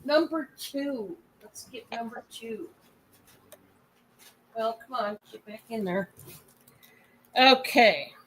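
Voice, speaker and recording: A woman's voice: on the high side, takes it slowly, long pauses, a bit bright, a little hiss or hum. A woman with a Michigan accent hosting a live sales stream, chatty and rambling, laughing often. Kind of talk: casual live stream chat.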